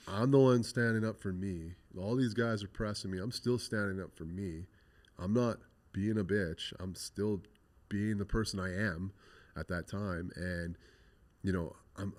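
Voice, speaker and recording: A man, a guest graffiti artist, telling his life story in an interview, blunt and profane, acting out past conversations. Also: low voice. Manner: blunt, profane, animated retelling with quoted dialogue.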